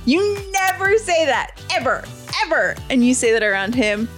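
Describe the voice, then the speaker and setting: A woman co-hosting a casual podcast, teasing and animated, with many fillers. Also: high voice, moderate pace, faint music behind. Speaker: podcast co-host. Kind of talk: casual chat.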